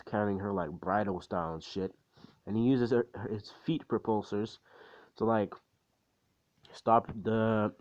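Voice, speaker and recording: A man's voice: fairly low pitch, darkish tone, muffled recording. A man casually retelling his own fan story in a loose, rambling way, full of slang and swearing. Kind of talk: casual spoken story recap.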